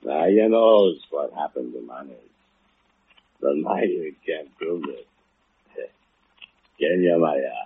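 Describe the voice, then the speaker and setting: A gloating foundry laborer. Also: male voice, a bass voice, takes it slowly, pauses often, husky, dry recording, heavily acted. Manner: broken English, gloating, chuckling menace. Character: brooding immigrant foundry laborer, sly, boastful killer. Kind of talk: old-time radio drama. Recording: tinny lo-fi old radio broadcast.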